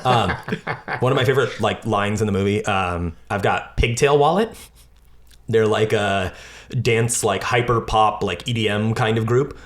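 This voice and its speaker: Low-voiced man telling stories animatedly. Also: moderate pace. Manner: animated storyteller, acts out quotes with raised voice, swears freely. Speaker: podcast co-host. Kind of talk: casual chat.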